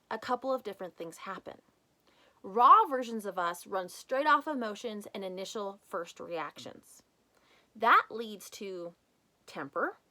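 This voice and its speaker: Woman, 30s, podcast host and coach, bright and emphatic, acts out inner voices in a motivational monologue. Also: mid-range voice.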